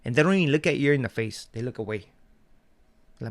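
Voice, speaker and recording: Talking straight to his channel, this man rants fast and animated in a gravelly voice with vocal fry, pitched mid-range. His storytelling is profane and full of street slang, broken up by frequent laughter.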